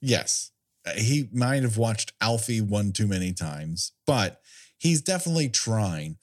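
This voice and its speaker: A man's voice: lowish voice, measured pace. A man co-hosting a casual chat, joking and laughing often as he riffs. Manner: jokey, animated, laughs often. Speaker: podcast co-host.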